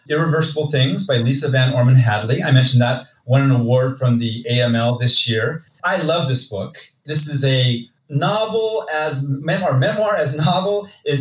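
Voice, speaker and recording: A man co-hosting a podcast, talking casually through a list of book reviews with steady enthusiasm. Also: mid-range voice. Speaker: podcast co-host. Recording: roomy echo, distant from mic.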